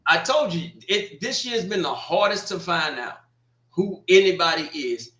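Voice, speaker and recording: Man, casual sports banter, high-pitched, bright tone, roomy echo. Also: animated, measured pace. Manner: joking, laid-back, trailing restarts. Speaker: co-host.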